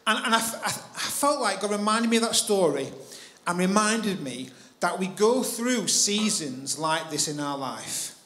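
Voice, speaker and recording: A man preaching in church, telling a personal story with animated delivery and acting out his own thoughts. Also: high voice, unhurried, roomy sound. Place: church hall.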